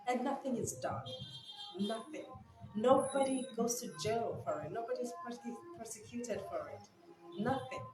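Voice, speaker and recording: A woman from Nigeria giving casual vlog commentary, animated and incredulous, laughing often. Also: on the high side, a little slow. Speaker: news commentator. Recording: echoey room with background music.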